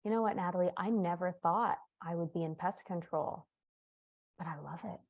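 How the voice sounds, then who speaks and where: A woman voicing a calm, kind man who softly reassures a frightened caller. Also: on the low side, dull audio. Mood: earnest. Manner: soft, slow, soothing.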